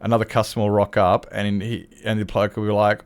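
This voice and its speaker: An Australian man streaming a game and chatting casually, telling animated stories and acting out other people's lines, with chuckles and restarts. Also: lowish voice, fairly quick, hardly any pauses. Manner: animated storyteller who acts out customers' lines; frequent chuckles and self-interruptions. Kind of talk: casual chat while gaming.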